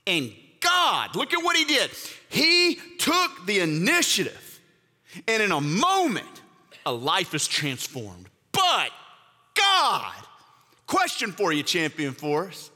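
Male pastor, 40s, bright forceful preacher, slightly high voice, big echoing hall. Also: huge pitch swings, takes it slowly. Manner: emphatic preaching, repetitive rhetorical build-ups. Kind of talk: sermon.

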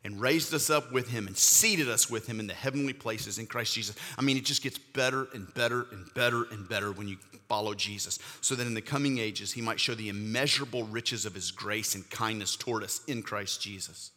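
Man, forties, pastor, emphatic preaching, forceful bright tone, long hall reverb. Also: fairly low pitch, brisk, hardly any pauses. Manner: emphatic preaching, repetitive rhetorical build-ups. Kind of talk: sermon.

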